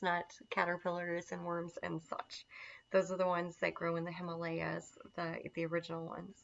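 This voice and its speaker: A woman's voice: lowish voice, gravelly, fairly bright tone. A woman teaching a casual lesson on herbal remedies, chatty and enthusiastic, with lots of fillers. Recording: dull lo-fi sound.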